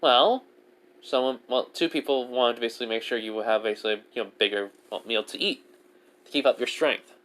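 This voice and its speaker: A man voicing a cheerful, teasing young waitress with a lifted, bright voice. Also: mid-range voice, fairly quick, natural voice.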